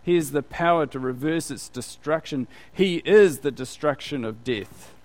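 A man's voice: on the high side, normal speed. Conversational man preaching a sermon. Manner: conversational, with rhetorical questions.

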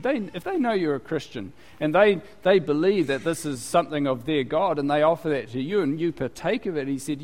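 A man's voice: a little high, a little mellow. Conversational preacher man in a reverberant hall. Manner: conversational, many asides and rhetorical questions. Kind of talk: sermon.

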